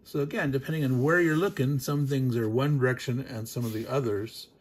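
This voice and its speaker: A man's voice: medium pitch, fairly even intonation, brisk, slight background noise. A man hosting a board game unboxing, talking casually, wandering off into digressions and chuckling as he goes. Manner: rambling, digressive, chuckles often.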